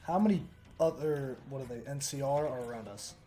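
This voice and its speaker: A man in a tabletop game keeps asking questions about the game world in a casual, curious way. His voice sits at a middle pitch, with faint music behind him. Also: brisk, dark tone. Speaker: player.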